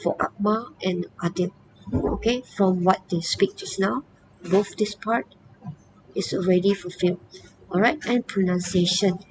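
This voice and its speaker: A woman teacher talks her students through an online lesson. Her voice sits at a middle pitch, and she scatters "okay" and "all right" between her points. A faint hiss of background noise runs under the recording. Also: unhurried. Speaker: English teacher.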